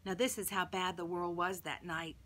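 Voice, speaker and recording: Reading at a normal speed in a steady, low-ish voice, a woman teaching Sunday school narrates a children's Bible story in first person. She makes it dramatic, moving from hushed passages to loud ones.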